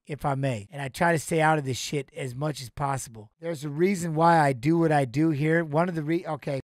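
A man talking casually to his live-stream chat, speaking deliberately and pausing often. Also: on the high side, no room sound, clean studio sound. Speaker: live streamer reacting to a video.

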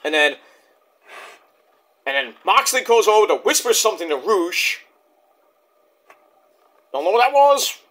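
Excitable, rambling man with a high, lively voice. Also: measured pace, pauses often. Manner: rambling, excitable, swears often. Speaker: wrestling show reviewer. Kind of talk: casual review monologue.

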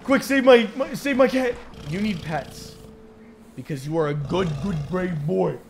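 A man giving jokey, excitable commentary while playing a video game, yelping and shouting when he panics. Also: sits high, moderate pace, slight background noise. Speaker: gaming YouTuber. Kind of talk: gameplay commentary. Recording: game music behind voice.

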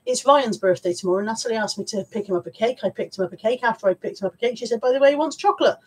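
Her husky, medium-pitched voice races along as she hosts a relaxed livestream at home, where piles of stuff sit around her. She talks informally with viewers, reads their comments out, and now and then swears.

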